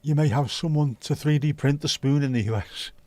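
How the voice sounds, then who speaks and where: A man's voice: fairly high pitch, a little fast, darkish tone, no room sound. Chatty male livestream host, dry sound. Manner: chatty, jokey, reacting to chat. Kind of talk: casual livestream chat.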